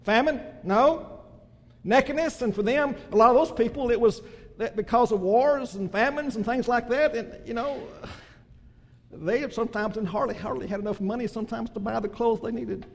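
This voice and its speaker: High-voiced preacher in a reverberant hall. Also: male voice, normal speed, vocal fry. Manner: builds to loud emphatic crescendos, then drops soft. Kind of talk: sermon.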